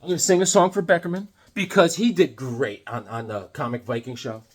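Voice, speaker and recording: Husky, animated man rambling casually. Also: fairly high pitch, a little fast. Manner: animated, repeats himself, jokey asides. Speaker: comic collector vlogger.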